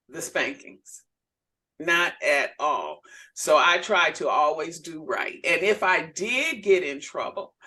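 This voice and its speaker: A woman minister talks in a relaxed, unhurried way with a bright, forward tone. She tells family stories in casual chat and lifts into animated voices when she quotes people. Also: sits low. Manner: animated storyteller who acts out quoted voices. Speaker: minister and podcast co-host.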